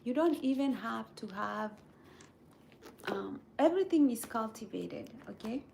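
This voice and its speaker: Woman channel host, casual motivational chat; vocal fry, faint background hiss, keeps checking in with "right?", drifts into a breathy near-whisper. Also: a little high, animated, unhurried. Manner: earnest, repeats "right?" and "okay?" to check in with viewers. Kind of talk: casual motivational chat while reading viewer comments.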